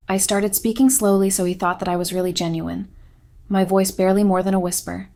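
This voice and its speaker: A woman's voice: mid-range voice, steady tone, a little fast, gravelly, warm tone. Woman narrating a confession in a subdued voice. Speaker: story narrator. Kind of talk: scripted first-person confessional narration.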